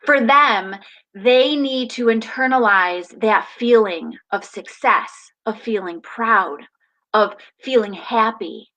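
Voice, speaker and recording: This is a woman on a live video, sharing parenting advice directly with her viewers. Her voice sits a little high, and her delivery is animated and emphatic. She speaks warmly to the camera, as if chatting with parents at home. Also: slow, low-quality recording. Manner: animated, emphatic, acts out family dialogue.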